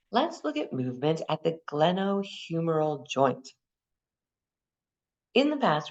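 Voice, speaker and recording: A woman teaching an anatomy class for massage exam prep, lively and repeating key terms and memory aids. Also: low-pitched, highs cut off.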